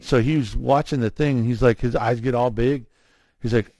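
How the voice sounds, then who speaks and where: A man telling his own story in a casual interview, animated, acting out what others said to him. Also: mid-range voice, normal speed, dry recording. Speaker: guest, cardiac arrest survivor.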